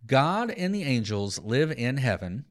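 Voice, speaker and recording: A man's voice: mid-range voice, big pitch swings, a little slow. A man teaching Scripture on a podcast, explaining passages with sarcastic asides.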